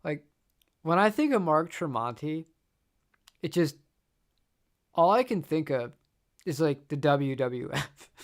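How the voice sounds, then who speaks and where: A man's voice: on the high side, lively intonation, takes it slowly, pauses often. A man hosting a guitar channel, chatting casually on a live stream, rambling and repeating words and laughing often.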